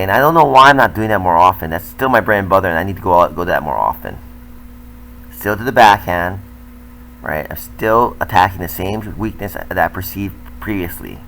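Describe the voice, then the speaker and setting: Low-voiced older man, self-critical commentary. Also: sharp tone, a little hiss or hum, rough recording. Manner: candid, self-critical, conversational. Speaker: tennis coach. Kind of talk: voice-over commentary on his own match footage.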